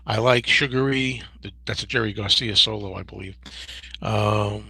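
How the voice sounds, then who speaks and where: Gravelly fifties man rambling through viewer questions. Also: on the low side, moderate pace, sharp tone, no room sound, poor audio. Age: 50s. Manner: rambling, digressive, many restarts. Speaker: host. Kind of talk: casual livestream Q&A.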